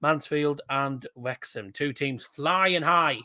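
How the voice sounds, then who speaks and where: A man hosts a live stream, reading out cup ties one after another and answering the chat between them. His voice sits a little high and sounds bright and forceful, with a casual, conversational delivery. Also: takes it slowly. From England. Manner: chatty, reads out fixtures and answers live chat. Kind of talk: live draw commentary.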